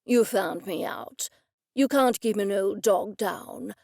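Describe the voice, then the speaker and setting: A stubborn old gentleman speaks with fussy, indignant formality, as a woman narrator puts him on. The voice has a gravelly grain. It sits close and dry. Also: mid-range voice, slow pace, no echo. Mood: gallant. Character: elderly gentleman, pompous and stubborn.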